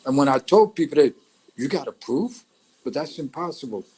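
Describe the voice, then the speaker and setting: A middle-aged man as a guest, telling a story in a blunt, animated way with swearing. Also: on the high side, moderate pace, husky, poor audio. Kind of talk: casual storytelling.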